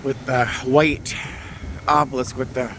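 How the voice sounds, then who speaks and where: A man talks slowly and casually to a handheld camera while walking through a cold, windy churchyard. He keeps exclaiming about the cold and sounds tired, with a mid-pitched voice. Faint wind and traffic noise sit under him. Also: flat delivery, fairly bright tone. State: shivering cold. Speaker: vlogger. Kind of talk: casual vlog narration.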